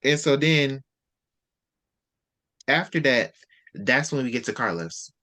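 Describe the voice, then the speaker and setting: A man hosting a casual book discussion, retelling scenes with quick quoted dialogue. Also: mid-range voice, expressive, pushed and bright. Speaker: host.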